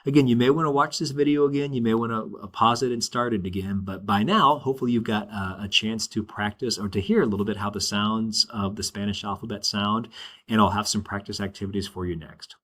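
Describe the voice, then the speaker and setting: A man's voice: lowish voice, steady tone, fairly quick, a bit bright. A male Spanish teacher giving a recorded lesson, explaining step by step and checking in with "all right" as he goes.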